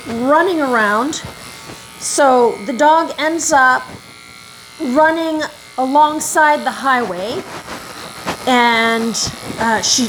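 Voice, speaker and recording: A dog groomer and video host with a somewhat high voice tells a long, rambling story, correcting herself as she works in her home grooming room. Now and then she pauses to soothe the dog. The recording is very noisy.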